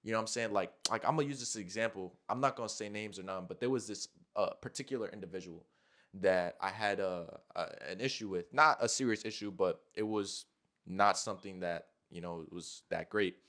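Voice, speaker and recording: A man's voice: on the low side, brisk, a bit bright. A man hosting a casual podcast chat, talking loosely with lots of slang, cursing and "like" fillers. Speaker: podcast host.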